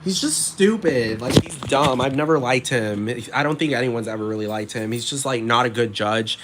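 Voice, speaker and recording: A man's voice: mid-range voice, fairly even intonation, brisk, very noisy. A young man ranting in a vlog, swearing a lot and sounding exasperated, sometimes mimicking people mockingly.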